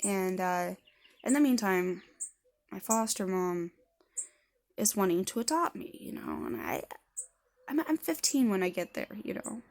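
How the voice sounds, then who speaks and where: A woman's voice: mid-range voice, very animated, unhurried, pauses often, a little mellow. A woman in her thirties telling her own story to camera in a blunt, rambling way with heavy swearing. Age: 30s. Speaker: vlogger.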